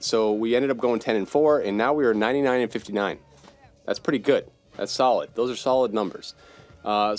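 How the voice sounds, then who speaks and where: A young man with a fairly low voice hosts his own sports podcast on a home mic. He talks bluntly and swears freely as he rants about football coaches and players. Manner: blunt, profane, opinionated. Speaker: podcast host. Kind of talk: solo sports podcast commentary.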